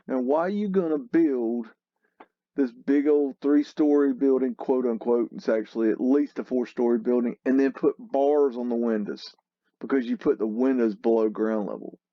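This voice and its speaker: A man's voice: mid-range voice, moderate pace, no room sound, dull audio. A man hosting a casual commentary over old photos, scoffing and exclamatory, with a mocking edge. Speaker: host.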